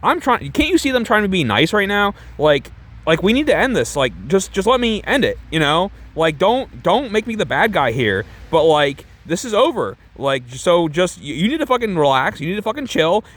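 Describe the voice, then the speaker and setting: A whiny young man snaps and swears in a thin, shrill voice pitched well above normal, exasperated and petulant, as a man puts him on in a mocking impression. He keeps insisting he is the one trying to be nice. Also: very animated, normal speed, a bit bright, full character voice.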